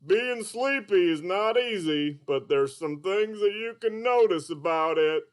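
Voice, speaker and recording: A man voicing a high chirpy sleepy dolphin puppet. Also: unhurried, smooth. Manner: bright, excitable, drowsy drawl.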